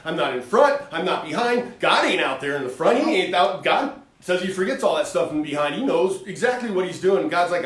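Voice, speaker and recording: A man co-hosting a faith talk show, talking in an animated, folksy way and acting out little voices as he preaches. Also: sits high, brisk, echoey room, far from the mic.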